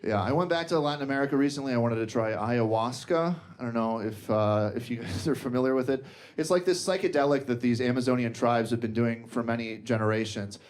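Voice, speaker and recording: On a comedy stage before a laughing audience, a young man raised in the US by Colombian parents does stand-up. His mid-range voice is fairly quick, and he talks conversationally, using lots of "like" as filler.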